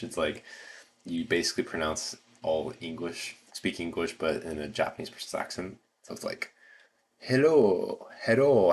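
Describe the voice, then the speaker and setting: A man with an American accent hosting a casual livestream, rambling with lots of fillers and restarts. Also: low voice. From United States. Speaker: livestream host.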